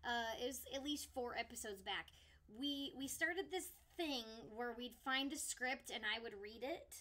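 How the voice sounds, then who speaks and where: A woman's voice: on the high side, unhurried, pushed and bright. A woman co-hosting a live stream, chatting casually and enthusiastically, often restarting sentences. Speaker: co-host.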